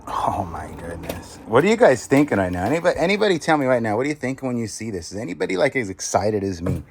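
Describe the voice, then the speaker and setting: A middle-aged man hosting a casual unboxing vlog, chatty and eager with viewers, sometimes dropping into an amazed hushed whisper. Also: mid-range voice, sing-song, rapid-fire, vocal fry. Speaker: storage auction reseller and channel host.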